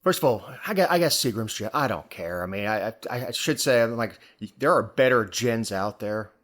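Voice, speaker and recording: A man's voice: fairly low pitch, lively intonation, moderate pace, a bit bright. A man co-hosting a podcast, talking casually about the news with dry, wry asides and repeated words. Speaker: podcast co-host.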